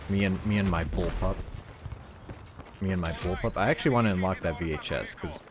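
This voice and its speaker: Loud gunfire from the game sounds behind this male streamer as he rambles casually through a shooter, cursing freely in a neutral accent. His voice is low-pitched and brisk, and the background is noisy.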